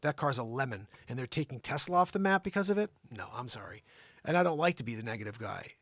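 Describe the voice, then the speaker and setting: A man's voice: mid-range voice, fast talker, no echo, studio quality. A man hosting his own live show, ranting indignantly and acting out his exchanges with others. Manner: indignant, animated, quotes others in exasperated retellings. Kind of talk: unscripted ranting monologue.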